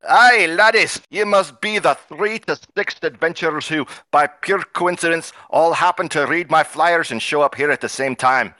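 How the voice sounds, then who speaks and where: A man voicing a cranky red-haired male dwarf who talks in a deliberately bad put-on Scottish accent, loud and gruff. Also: a little high, no echo. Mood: gruff, welcoming. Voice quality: loud, gruff, mock brogue.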